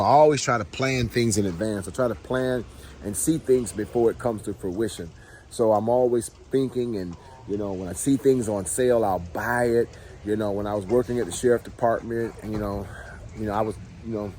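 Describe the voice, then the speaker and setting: Outdoors at his home, a middle-aged man with a lowish, darkish voice chats to his viewers in a casual, heartfelt talk to camera. This homestead vlogger is easygoing and addresses them directly, with slight background noise audible.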